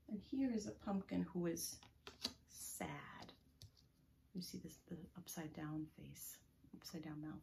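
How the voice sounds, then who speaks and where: Woman, children's librarian, preschool story time, slow sing-song reading, soft whispers, faint background hiss. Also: deep voice, vocal fry. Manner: leads rhymes and chants with children. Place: public library.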